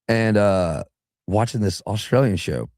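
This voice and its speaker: A man's voice: lowish voice, sing-song, a little slow, a little mellow, no room sound, clean studio sound. A young adult man from southeastern Alabama, a singer chatting loosely as a guest on a radio show, restarting his sentences and now and then slipping into put-on voices. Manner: rambling, restarts, breaks into voices. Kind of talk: casual radio interview chat.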